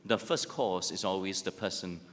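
A man's voice: normal speed, fairly bright tone. A man preaching a sermon, emphatic and full of rhetorical questions. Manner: emphatic, rhetorical questions, rises and drops in pitch. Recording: long hall reverb.

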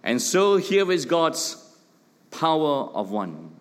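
Lively pastor preaching in a hall. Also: male voice, fairly high pitch, slow pace. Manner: emphatic preaching with rhetorical questions and joking asides. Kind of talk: sermon. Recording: long hall reverb.

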